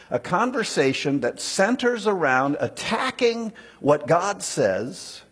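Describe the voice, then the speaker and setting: A man preaching a sermon, teaching slowly through a text and acting out quoted lines. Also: mid-range voice, husky. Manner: animated, acts out the serpent's lines in a raised voice.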